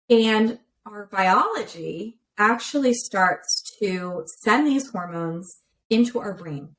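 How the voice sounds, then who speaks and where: Woman, therapist, podcast guest, clear explanations, conversational, mid-pitched, remote call. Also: animated, takes it slowly, fairly bright tone, rough recording. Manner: clear, explanatory, with many examples.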